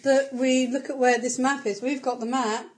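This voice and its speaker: Brash woman, high voice, pilot at a tabletop game table, swearing. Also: flat delivery. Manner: brash, swearing, quick to laugh. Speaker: player, ship's pilot. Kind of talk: in-character tabletop banter.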